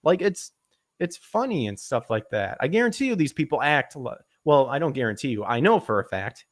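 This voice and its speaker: A man's voice: sing-song, fairly quick, no echo. Ranting man on a dry podcast mic. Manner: profane, ranting, pitch jumps when worked up. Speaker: podcast host. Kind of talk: casual podcast chat.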